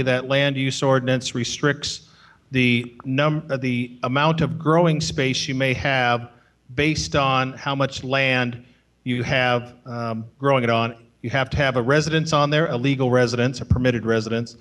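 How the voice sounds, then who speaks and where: A man answering a question at a town hall meeting, measured and factual. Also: mid-range voice, fairly bright tone. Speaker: law enforcement official answering questions.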